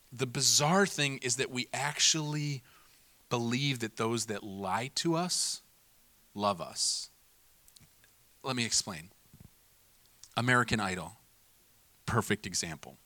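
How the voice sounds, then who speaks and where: A man preaching a sermon in a lively, conversational way, mimicking people in quick voices and laughing at himself. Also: medium pitch, dry recording. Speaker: pastor.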